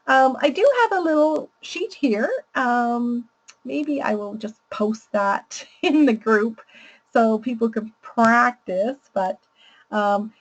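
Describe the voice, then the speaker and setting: A woman's voice: on the high side, poor audio. A woman presenting a parenting lesson, explaining patiently and laughing easily. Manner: warm, explanatory, laughs readily. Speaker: parenting educator. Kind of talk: teaching presentation.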